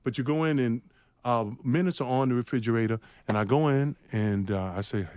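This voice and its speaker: A middle-aged man, a former pro basketball player, telling an animated, self-mocking anecdote. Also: medium pitch, brisk, clean tone, no echo. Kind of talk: anecdote storytelling.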